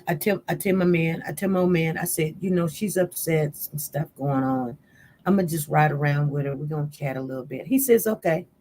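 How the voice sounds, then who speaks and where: Woman vlogger, chatty storytime delivery. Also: lowish voice. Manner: chatty, animated retelling with quoted voices. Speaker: channel host. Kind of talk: casual storytime to viewers.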